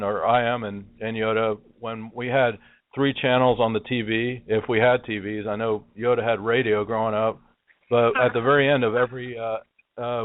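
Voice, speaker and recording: A man's voice: medium pitch, dry recording. A middle-aged man from Tennessee, co-hosting a phone interview, talking in a friendly, rambling way. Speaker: co-host. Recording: dry tinny phone line.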